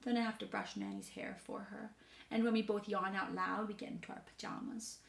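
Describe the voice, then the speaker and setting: Voicing a mischievous, precocious little girl of six who lives in a hotel, a woman speaks a little fast in a creaky, mid-range voice with fairly even intonation. Her storybook monologue is playful, chatty, boastful and matter-of-fact, performed as a dramatic reading in a room with noticeable echo.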